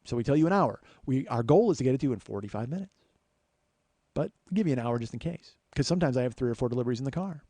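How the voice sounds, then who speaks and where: A man's voice: mid-range voice, animated, very fast, warm tone, no echo. A male comedian and podcast host telling a profane, sardonic story as a ranting monologue.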